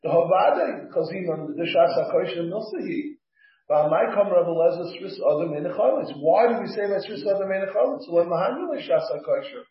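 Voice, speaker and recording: A man's voice: sits high, lively intonation, brisk. A man teaching a class as a rabbi, talking casually and thinking aloud, with frequent fillers and restarts. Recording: echoey, muffled room recording.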